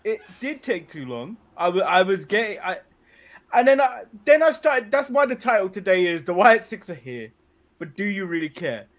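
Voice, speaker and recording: An English man co-hosts a relaxed podcast, speaking bluntly with a joking edge and frequent restarts. His voice is high and swings widely in pitch. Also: normal speed. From England. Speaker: podcast co-host. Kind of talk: casual wrestling recap chat.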